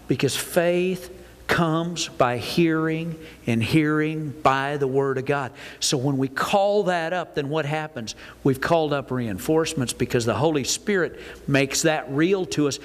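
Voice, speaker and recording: Older male pastor, folksy sermon delivery, slightly high voice, reverberant church hall. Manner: folksy, animated preaching with acted-out asides. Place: church sanctuary.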